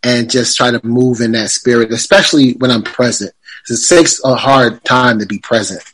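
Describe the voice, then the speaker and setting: A man's voice: mid-range voice, fairly even intonation, moderate pace, a bit bright, low-quality recording. A man speaking as a podcast guest, reflective and rambling, with fillers and restarts. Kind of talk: casual conversation.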